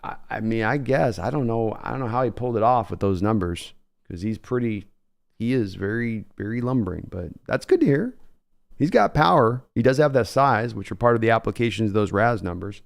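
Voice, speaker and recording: A man's voice: lowish voice, lively intonation, fairly quick, vocal fry. A man hosting a live draft reaction stream, breaking down prospects analytically in a casual way and reading out viewer comments. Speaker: host.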